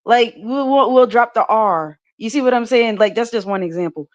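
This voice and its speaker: A woman's voice: on the high side, moderate pace, muffled recording. A woman on a podcast panel talking casually, rambling with many fillers and restarts and laughing often. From United States. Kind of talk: casual livestream discussion.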